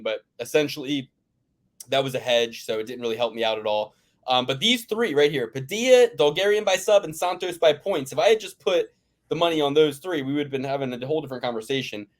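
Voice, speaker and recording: A man's voice: mid-range voice, fast talker. A man from the Philadelphia area hosting a casual sports betting chat, ranting and swearing with lots of restarts. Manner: ranting, profane, rambling with restarts. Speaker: podcast host.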